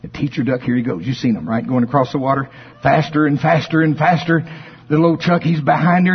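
Husky man preaching with folksy storytelling. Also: fairly high pitch, fairly quick, highs cut off. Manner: storytelling, shouts praise, Southern-style folksy preaching. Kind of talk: sermon.

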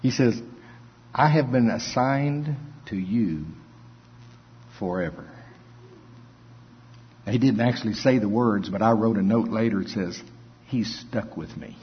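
Husky-voiced male preacher. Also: mid-range voice. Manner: conversational, chuckles between points. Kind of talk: sermon with scripture reading. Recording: dull lo-fi recording.

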